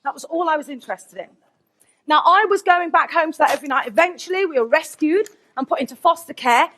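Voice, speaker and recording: A woman, a teacher giving a candid, lively conference keynote with asides to the audience. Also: sits high, fast talker. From England, Nottingham.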